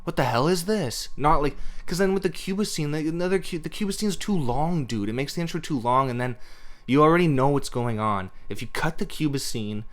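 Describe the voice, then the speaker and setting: A man's voice: fairly high pitch, animated, a little fast. A man hosting a podcast, rambling through a profane, casual rant about a movie with lots of filler words. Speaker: podcast host.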